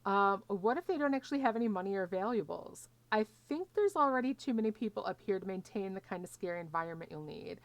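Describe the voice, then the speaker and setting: A woman's voice: medium pitch, lively intonation, fast talker, few pauses, no room sound. A woman playing a video game and joking, reading dialogue choices aloud with sarcastic asides. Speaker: gaming streamer. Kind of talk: let's play commentary.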